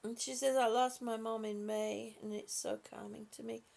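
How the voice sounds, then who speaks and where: A woman hosting a live stream, speaking softly and affectionately to her viewers with halting, repeated words. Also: fairly high pitch, little pitch movement, vocal fry. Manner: soft, affectionate, calls viewers honey and sweetie. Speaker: livestream host reading viewer comments. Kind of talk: slow casual live chat.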